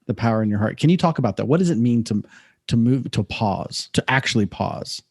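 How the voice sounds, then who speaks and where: Guy hosting a podcast, mid-pitched voice, reflective and affirming. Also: animated, a little fast, vocal fry, husky. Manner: affirming, reflective, often says "beautiful". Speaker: podcast host. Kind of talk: conversational podcast interview.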